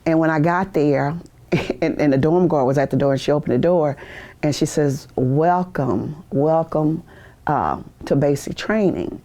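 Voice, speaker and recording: An older American woman, a veteran, tells unhurried stories in a low, mellow voice during an oral history interview in a university media studio. She laughs often and acts out the voices of those she quotes.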